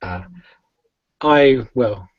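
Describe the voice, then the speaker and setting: A man voicing a polite, gentlemanly male vampire who speaks formally and hesitantly, in a dull lo-fi recording. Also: mid-range voice, expressive, very slow, no echo, faint music behind, exaggerated voice. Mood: courtly.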